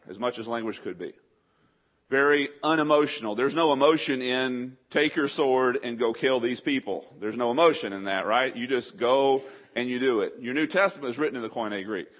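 A middle-aged male pastor preaching a sermon, animated, with sudden loud acted outbursts. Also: mid-range voice. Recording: slightly dull lo-fi sound.

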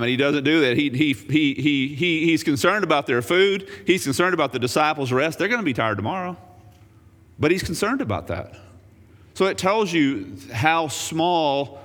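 A man preaching a sermon as pastor, swinging between loud raised emphasis and quiet low asides, with wry joking remarks. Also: big-room sound.

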